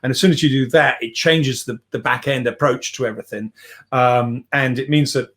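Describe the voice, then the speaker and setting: A man's voice: medium pitch, steady tone, moderate pace, a bit bright. Middle-aged man, podcast guest on a remote call, loose rambling delivery with self-deprecating asides. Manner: rambling, self-deprecating, frequent restarts and fillers. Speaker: podcast guest, software CEO. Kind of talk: casual podcast chat.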